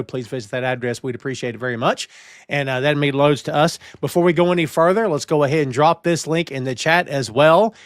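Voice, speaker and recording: A man's voice: fairly high pitch, no echo, studio quality. A man hosting a live-streamed wrestling podcast, talking in a playful, theatrical way and greeting chat viewers. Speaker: podcast host.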